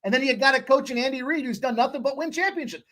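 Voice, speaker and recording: A man co-hosting a live sports betting show, arguing his picks in an animated, profane way. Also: very high voice, quick pace. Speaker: sports talk show co-host. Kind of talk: casual sports betting chat.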